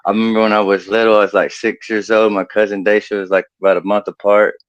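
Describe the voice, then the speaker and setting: A man with a fairly low voice rattles off crude stand-up jokes and chuckles at his own punchlines. The sound is dry and dull, like a video call feed. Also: level tone, fast talker, dry recording. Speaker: stand-up comedian contestant. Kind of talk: stand-up comedy set.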